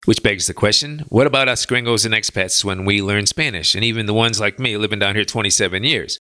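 A man's voice: lowish voice, fairly quick, sharp tone, no echo, studio quality. A man from the United States hosting a podcast, chatting through a listener's email questions in a casual, emphatic, folksy way. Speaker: podcast host.

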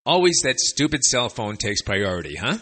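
Man, husky, bright forceful tone, animated pitch, chatty language lesson, wry sarcastic asides. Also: moderate pace. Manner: lively, chatty explaining. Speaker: Spanish teacher for expats.

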